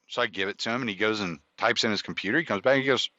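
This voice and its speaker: Guy podcasting, rambly and swears a lot, bright voice, kinda muffled dry audio. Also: lowish voice, animated, rapid-fire, dry recording. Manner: rambling, profane, with frequent restarts and quoted dialogue. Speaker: podcast host. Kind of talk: casual storytelling monologue. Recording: dull lo-fi dry recording.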